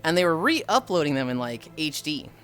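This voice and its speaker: Animated young woman streamer, lively swinging voice. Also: sits low, moderate pace, faint music behind. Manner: animated, swears, acts out quotes. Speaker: livestreamer. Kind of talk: casual chat.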